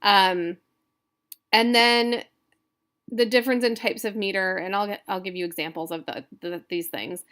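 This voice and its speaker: A woman teaching a recorded class in a slow, unhurried voice. She stops and restarts often, filling the gaps with ums and correcting herself. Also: medium pitch, fairly bright tone, smooth. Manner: halting, many fillers and self-corrections. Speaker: instructor. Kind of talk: recorded lecture.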